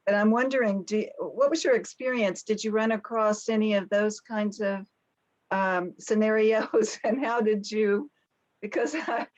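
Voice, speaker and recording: A woman from the audience asking a question, halting and searching for her words. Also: mid-range voice, darkish tone.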